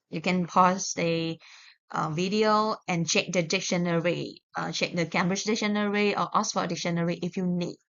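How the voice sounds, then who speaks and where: A woman's voice: fairly low pitch, sharp tone. A woman teaching English pronunciation in a recorded video lesson, saying example words one at a time and explaining plainly, with small restarts. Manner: slow, deliberate, modelling words one by one. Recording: dull lo-fi recording.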